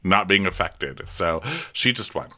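Bright, lively man with a giggly recap. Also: a little slow. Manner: laughs often, mimics cast members in high voices. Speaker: podcast co-host recapping a reality show. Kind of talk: casual chat.

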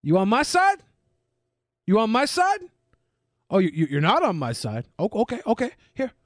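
A man's voice: high-pitched, wildly swooping pitch, moderate pace, no echo, studio quality. A man doing a mock impression of a smug, scheming male strongman leader who taunts and threatens. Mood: taunting.

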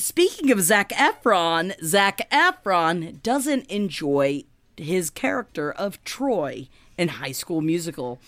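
A woman's voice: on the low side, slow pace, no echo. A woman co-hosting a casual comedy podcast, joking and swearing as she runs through a list. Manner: swearing, animated, jokey. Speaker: podcast co-host presenting the list.

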